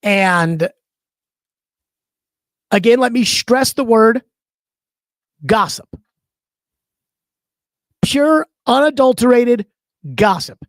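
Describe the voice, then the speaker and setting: A man's voice: extremely high pitch, lively intonation, slow pace, long pauses, no room sound. A man hosting a sports talk show, giving opinionated commentary in an emphatic, conversational way and stretching out key words.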